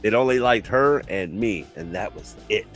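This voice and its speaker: A man's voice: lowish voice, moderate pace, soft background music. A man in casual chat on a live show, telling long stories and laughing often.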